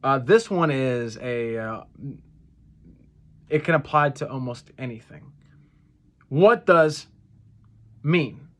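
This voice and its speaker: A man giving a casual language lesson, repeating each phrase slowly and correcting himself with fillers. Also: medium pitch, lively intonation, a bit bright. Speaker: Spanish phrase teacher.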